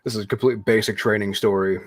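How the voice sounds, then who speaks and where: A man's voice: fairly low pitch, fairly even intonation, quick pace, no room sound. A young man co-hosting a podcast, telling stories in a laid-back, casual way. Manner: laid-back storytelling with frequent laughs. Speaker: podcast co-host. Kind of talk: casual chat.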